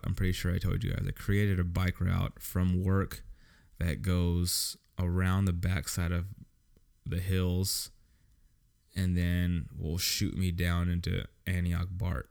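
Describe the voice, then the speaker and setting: A man's voice: low-pitched, vocal fry, a little mellow. A young man hosting a solo podcast, telling a story in a profane, exasperated way. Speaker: podcast host. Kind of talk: casual solo podcast rant.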